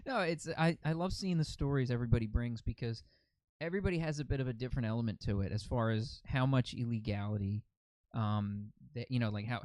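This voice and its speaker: A man's voice: mid-range voice, warm tone, no echo. Easygoing man hosting a podcast. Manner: easygoing, rambling, quick to laugh. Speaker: podcast host. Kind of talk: casual interview chat.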